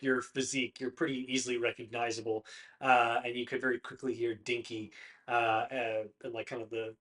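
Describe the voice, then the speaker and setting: Heller, zögernder Spielleiter-Erzähler. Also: male voice, medium pitch, pushed and bright, poor audio. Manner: loose, searching for words, many fillers. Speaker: game master. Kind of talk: narrating a tabletop game.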